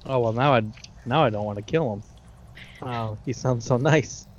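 A man's voice: medium pitch, moderate pace. A man playing a tabletop game, chatting eagerly and often restarting his sentences, on a dull recording with a faint hiss. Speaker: player. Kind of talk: casual tabletop game chat.

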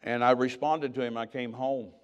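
A man's voice: mid-range voice, steady tone, moderate pace, lo-fi sound. An older man preaching, telling his own story in a conversational way and acting out the dialogue. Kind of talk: sermon testimony.

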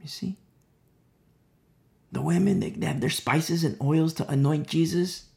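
A man's voice: fairly high pitch, measured pace, vocal fry, a little mellow. A man preaching a conversational sermon, full of fillers and acted-out quotes, at times dropping to a whisper. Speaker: pastor.

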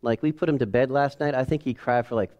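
A man in his forties preaching a sermon in a casual, animated way, acting out family scenes. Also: medium pitch, fast talker, muffled recording. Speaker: pastor. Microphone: headset or lapel mic.

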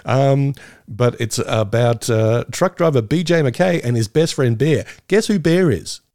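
A man's voice: medium pitch, a little slow, a little mellow, dry recording, clean studio sound. A middle-aged man co-hosting a podcast, rambling in a nostalgic, enthusiastic way with giggles. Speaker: podcast co-host. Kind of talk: casual chat.

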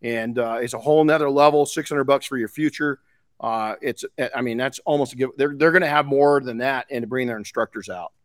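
A man's voice: mid-range voice, fairly quick, dry recording, clean studio sound. A man hosting a podcast in casual chat, frank and rambling, swearing casually. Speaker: podcast host.

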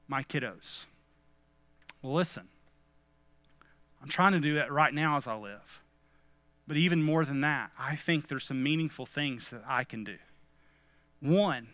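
A man's voice: a little high, bright, forceful tone, no echo. A man preaching a devotional message in an earnest way, often turning to his listeners as friends.

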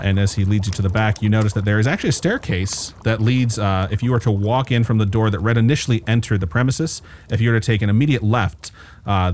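A man narrating a tabletop game as game master, describing scenes in a relaxed way with frequent fillers. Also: fairly low pitch.

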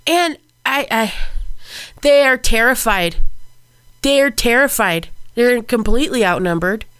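A woman co-hosting a podcast in casual chat, her voice pitched on the higher side. She vents with heavy feeling and curses freely. The sound is close and dry, with no room echo. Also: animated, measured pace, fairly bright tone, smooth. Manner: upset, venting, swears freely. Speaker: podcast co-host.

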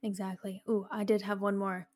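Relaxed woman chatting on a podcast. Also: medium pitch, normal speed. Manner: relaxed, rambling with fillers. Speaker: podcast co-host. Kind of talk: casual chat.

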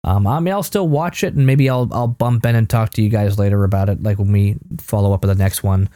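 A man's voice: lowish voice, fast, warm tone, dry recording, studio quality. A tired man co-hosting a casual podcast, recapping a show in a rambling way with many fillers and restarts. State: worn out. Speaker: podcast co-host.

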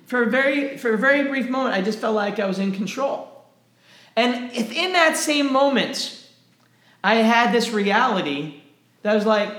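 A man preaching a sermon in an animated way, often repeating words as he gets going. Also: very high-pitched, moderate pace, echoey room. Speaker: pastor. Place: church.

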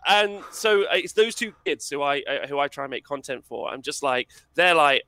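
A man's voice: on the high side, expressive, normal speed, few pauses, bright, forceful tone, smooth, no room sound. A man talking as a podcast guest in casual, emphatic conversation, laughing often. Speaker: podcast guest, wargaming content creator.

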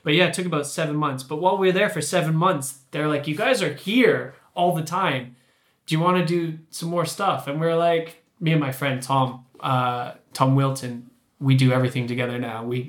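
A man's voice: fairly high pitch, fairly quick. Man, casual anecdote, acts out quotes, roomy echo. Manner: animated, acts out quotes in his story. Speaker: creature performer guest. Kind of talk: casual storytelling chat.

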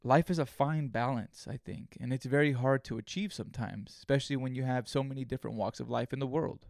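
A man's voice: mid-range voice, a little fast, vocal fry, darkish tone, no room sound, studio quality. A man hosting a solo podcast, talking in a casual, rambling way with lots of swearing, fillers and restarts. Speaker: podcast host.

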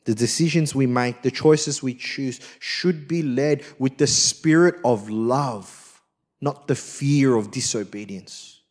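A male pastor delivering a sermon, telling a personal story with lively swings between loud emphasis and quiet, soft lines. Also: medium pitch, takes it slowly. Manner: acts out quoted voices.

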